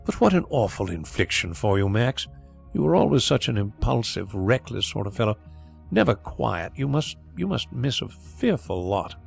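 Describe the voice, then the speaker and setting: A man voicing a proud, brisk former solicitor who talks bluntly and bristles quickly. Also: on the low side, sing-song, gravelly, faint music behind, full character voice.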